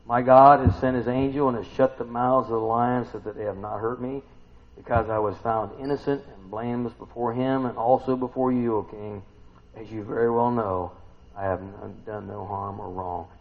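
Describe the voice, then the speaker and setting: Guy preaching a casual sermon, mid-pitched, chatty and animated, asks the room stuff, bit muffled recording. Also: normal speed. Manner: animated, asks the congregation questions, swings loud and soft. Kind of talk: casual sermon, reading and retelling scripture.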